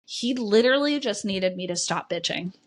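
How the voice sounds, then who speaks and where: A woman's voice: medium pitch, lively intonation, moderate pace. Blunt, swearing woman coach. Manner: blunt, frank, swears freely. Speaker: podcast host and coach. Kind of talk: candid solo podcast monologue.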